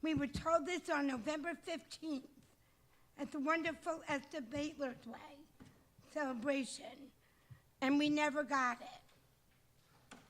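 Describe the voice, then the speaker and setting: High-pitched woman making an angry public comment to the town board, stumbles over her words. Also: steady tone, slow pace, pauses often, fairly bright tone, poor audio. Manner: indignant, repeats herself when upset.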